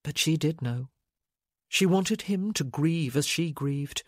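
A woman narrating an audiobook in a measured, unhurried reading. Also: deep voice, no echo, studio quality.

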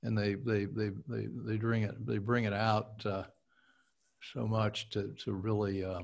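A male podcast host reciting a historic speech slowly and deliberately, then chatting haltingly about it with his coach. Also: lowish voice, little pitch movement, gravelly. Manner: slow, measured recitation, halting in chat.

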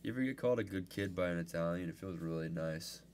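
A man co-hosting a podcast in crude comedic banter, loud, profane and jokey. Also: deep voice, quick pace, a little hiss or hum. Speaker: podcast co-host.

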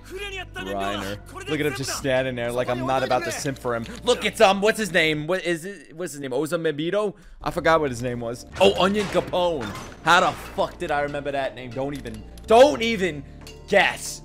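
Excitable man yelling through an anime reaction. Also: fairly high pitch, brisk, hardly any pauses, music in the background. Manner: excitable, swears a lot, bursts into shouts. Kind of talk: live reaction commentary.

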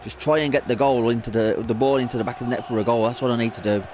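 A man's voice: medium pitch, steady tone, racing, a little mellow, slight background noise. A man commentating on his own football video game, swearing and venting his frustration. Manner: profane, frustrated outbursts at the game. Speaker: gaming video creator.

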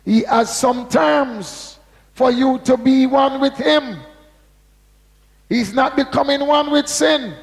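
Male pastor, very high voice, gravelly edge, slow emphatic sermon, ringing church hall. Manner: slow, emphatic preaching, asks the congregation to repeat words; reads scripture aloud with drawn-out stress. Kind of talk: sermon with call-and-response.

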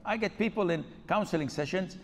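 Speaking briskly in a high-pitched voice, this man preaches a funny Q&A session and performs the dialogue within his anecdotes. The setting is a lecture hall at an Islamic center, and the sound has long hall reverb.

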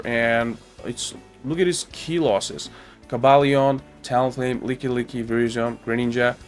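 A young man with a nasal, stuffed-up voice, hosting casual game strategy commentary and often checking in with "right?". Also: mid-range voice. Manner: chatty, with tag questions ("right?") and fillers. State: stuffy nose from a cold drink. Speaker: Pokémon GO channel host.

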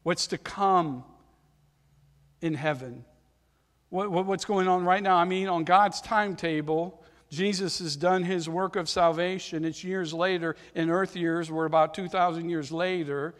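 A man preaching a sermon, reading scripture aloud and swinging between loud emphasis and softer passages. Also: high voice, fairly even intonation, unhurried, long reverb tail. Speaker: pastor. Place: church sanctuary.

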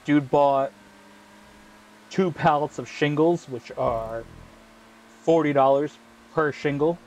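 A man's voice: fairly high pitch, takes it slowly, a little mellow, muffled recording, slight background noise. Man telling a rambling story while gaming. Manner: profane, rambling storytelling with slang fillers. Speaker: gaming channel host. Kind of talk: casual chat while racing in a game.

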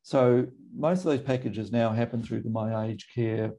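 A middle-aged Australian man, a GP, speaking in a measured, thoughtful way with frequent pauses and ums. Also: medium pitch, fairly even intonation, mellow. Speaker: GP and medical association guest. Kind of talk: recorded conversation.

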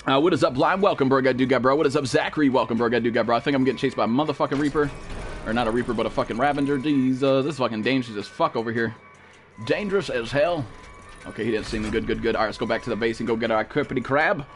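A man's voice: medium pitch, racing, faint music behind. A young man streaming a game live, talking to his chat in a blunt, profane, scolding way. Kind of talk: live gameplay stream commentary.

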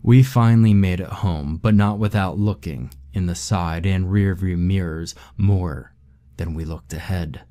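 A narrator with a deep, mellow voice tells a first-person horror story. He stays steady and somber, holding the listener with a slow, even delivery.

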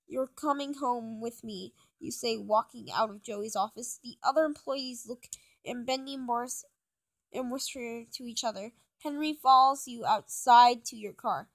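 A woman's voice: fairly high pitch, unhurried. A young woman reading her own fan story aloud, stumbling and restarting often. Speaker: fan fiction reader.

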